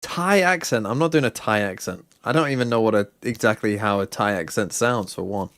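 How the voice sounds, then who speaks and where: A man's voice: on the low side, brisk, fairly bright tone, no echo, clean studio sound. A man co-streaming an esports match, joking bluntly and swearing as he chats with viewers. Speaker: watch-party co-streamer. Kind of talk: casual esports watch-party commentary.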